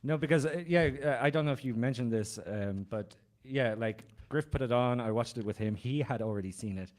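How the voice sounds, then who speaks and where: A man's voice: medium pitch, fairly quick. A man co-hosting a podcast, casually criticizing a film in an exasperated way. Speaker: podcast co-host.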